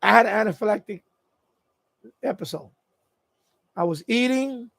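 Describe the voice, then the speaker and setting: A man with a high, gravelly voice talks casually on a live stream from his home. He rambles through his story, restarting sentences as he goes. The sound is close and dry, with no room around it. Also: normal speed, fairly bright tone, no echo. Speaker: radio hobby channel host. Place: at home, indoors.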